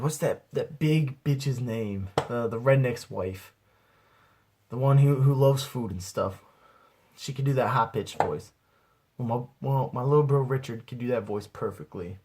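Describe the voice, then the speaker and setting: A man's voice: medium pitch, a little slow, noisy background. A young man casually telling a rambling, profane anecdote to his viewers as a beginner comedy vlogger. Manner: rambling, profane, laid-back.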